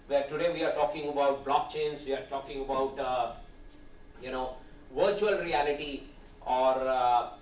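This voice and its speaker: An Indian English man in his fifties gives a conversational guest lecture, his voice sitting a little high. His throat is sore, and he wanders between points with a hesitant, rambling delivery. He is picked up from a distance in a reverberant hall with a faint hum of ambience.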